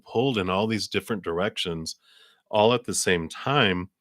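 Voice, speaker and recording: Deep-voiced man giving a tarot reading. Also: moderate pace, a bit bright, dry recording, clean studio sound. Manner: rambling, meandering explanations with many fillers. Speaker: tarot reader.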